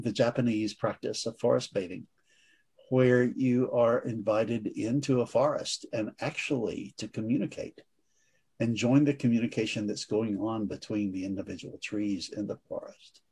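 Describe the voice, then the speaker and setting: A man who is a priest co-hosts the conversation and speaks in a measured, thoughtful manner. His voice is husky and sits at a middle pitch. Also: a little mellow. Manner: measured, thoughtful, with light laughs. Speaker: priest and co-host. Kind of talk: conversational discussion.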